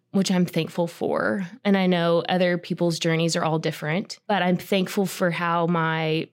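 A woman guest on a podcast, sincerely and reflectively sharing her personal faith story. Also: lowish voice.

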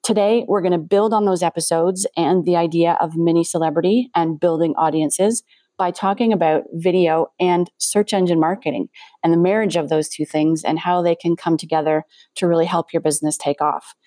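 A woman's voice: lowish voice, fairly even intonation, fairly quick, dark tone, no echo, studio quality. A woman with a Canadian accent hosting a podcast interview, talking in an upbeat, conversational way. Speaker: podcast host.

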